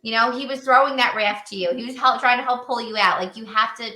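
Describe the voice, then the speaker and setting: A woman's voice: a little high, fast. A woman in casual conversation, speaking earnestly and acting out quotes. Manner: earnest, animated quoting. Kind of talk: casual panel chat.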